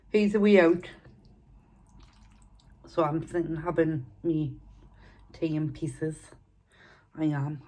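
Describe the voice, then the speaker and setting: Casting: middle-aged woman, slightly low voice, relaxed chat between mouthfuls. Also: slow pace, long pauses. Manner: chatty, eating between sentences. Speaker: mukbang vlogger. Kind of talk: casual chat while eating.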